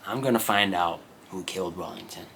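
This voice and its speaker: An earnest, literal-minded teenage boy with a low voice, as a male reader gives him his lines. He talks flatly and precisely, stating things as plain facts. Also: a little fast, vocal fry, a little hiss or hum.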